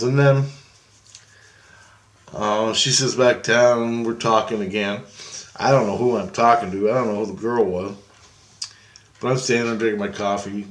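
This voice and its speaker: A man telling a spiritual dream story to his viewers in a loose, rambling way, full of fillers and restarts. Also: fairly low pitch. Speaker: video blogger.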